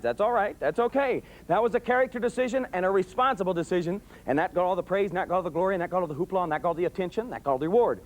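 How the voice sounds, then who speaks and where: A quick-talking middle-aged man with a raised, high-set voice lectures parents the way a preacher works a crowd. He hammers phrases again and again, tells homespun stories, and breaks into yells when he acts out his anecdotes. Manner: emphatic, repetitive preacher-like cadence; folksy storytelling, bursts of yelling when acting out anecdotes. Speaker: police sergeant speaking to parents. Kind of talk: motivational talk to parents.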